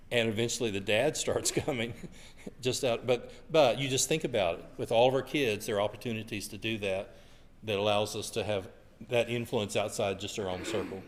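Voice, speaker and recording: A man's voice: fairly low pitch, normal speed, long pauses, a little hiss or hum. A man sharing folksy family stories while co-teaching a church class. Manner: folksy, anecdotal. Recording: reverberant hall.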